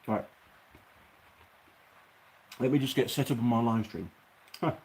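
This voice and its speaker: A man's voice: mid-range voice, animated, a little slow, very noisy. A man hosting a casual livestream from his workshop. He chats, reads out viewer comments and grumbles. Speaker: host.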